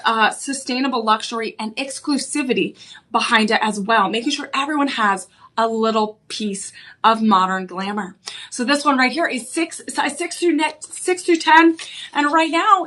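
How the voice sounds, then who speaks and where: A woman presents jewelry on a live shopping channel with a high, bright voice. She talks in a lively selling pitch and says the main points twice. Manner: enthusiastic, repeats key selling points. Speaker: home shopping host.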